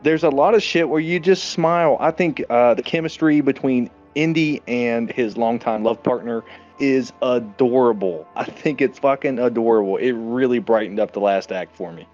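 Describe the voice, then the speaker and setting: A man's voice: medium pitch, moderate pace, a little mellow, dull audio, faint music behind. A man co-hosting a casual movie podcast, enthusiastic, swearing freely and acting out scenes. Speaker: podcast co-host. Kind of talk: casual movie review chat.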